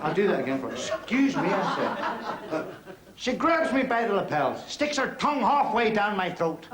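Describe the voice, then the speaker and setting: An actor playing a crude, cheeky middle-aged club comic from Belfast, with a Northern Irish accent, doing a bawdy stand-up routine on stage. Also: male voice, high voice, big pitch swings, moderate pace, crowd noise. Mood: cheeky patter. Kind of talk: 1970s TV drama, stand-up routine. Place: club stage before an audience. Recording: roomy club hall, loud audience.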